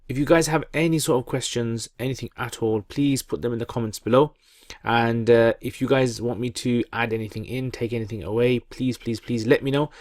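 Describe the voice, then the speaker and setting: A woman's voice: extremely low pitch, a little mellow, clean studio sound. A woman teaching a step-by-step Quran reading lesson. She patiently repeats each syllable for learners to echo and praises them often. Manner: encouraging, frequent praise.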